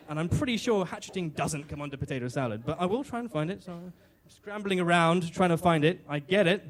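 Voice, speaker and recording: A man's voice: fairly high pitch, expressive, fast talker, hardly any pauses. A British man telling a comic personal story on stage, wry and self-deprecating, with fillers and restarts. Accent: British English. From Britain. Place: live storytelling venue on stage.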